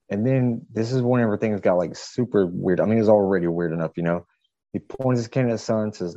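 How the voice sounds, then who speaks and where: A man with a very deep, dark voice tells a story casually, stumbling through fillers and restarts. The sound is dry and a little dull, like a lo-fi remote call. He loops back on himself as he tries to get it all out. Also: fairly quick, no echo. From southeastern United States. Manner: rambling, hesitant, many fillers and restarts. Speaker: podcast guest.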